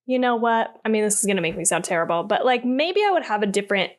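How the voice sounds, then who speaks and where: A woman's voice: mid-range voice, animated, quick pace. A woman co-hosting a podcast in casual chat, full of fillers like "like", laughing and swearing. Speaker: podcast co-host.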